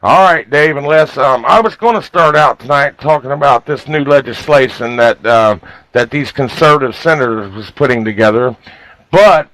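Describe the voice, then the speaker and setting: A man's voice: medium pitch, normal speed, fairly bright tone, rough recording. A man hosting a talk radio show, folksy and fired up, with a lot of filler words. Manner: folksy, fired-up, keeps saying "you guys".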